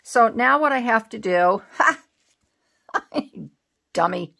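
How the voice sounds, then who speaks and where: A woman's voice: on the high side, lively intonation, moderate pace, gravelly, pushed and bright. Chatty self-teasing woman crafter. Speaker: craft channel host. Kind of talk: casual crafting vlog chat.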